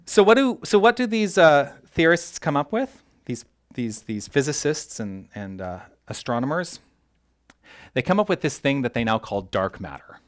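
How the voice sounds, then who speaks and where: A man preaching a sermon as a minister, animated and joking with his congregation, tripping over his words when excited. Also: medium pitch, normal speed. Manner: animated, self-interrupting, jokes with the congregation. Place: church hall.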